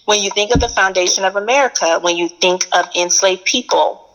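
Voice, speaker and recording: A woman with a Texan accent talks in an earnest, emphatic way, repeating key phrases to drive a point home. Her voice sits at an ordinary middle pitch, and the tone is relaxed and conversational. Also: a little fast, low-quality recording. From Texas. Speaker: educator, guest. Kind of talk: casual conversation.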